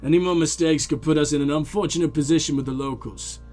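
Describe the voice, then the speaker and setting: A man voicing a calm, reserved police lieutenant in a video game, speaking in a measured, dry way. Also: fairly high pitch, soft background music, voice pushed down, natural voice.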